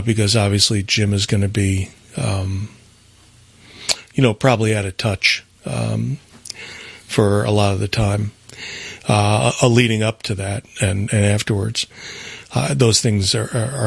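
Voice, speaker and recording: A man's voice: on the low side, gravelly, no echo. A man co-hosting a call-in radio show, running through the station lineup in a loose, rambling way with many fillers. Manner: rambling, with frequent fillers and restarts. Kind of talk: casual radio announcement.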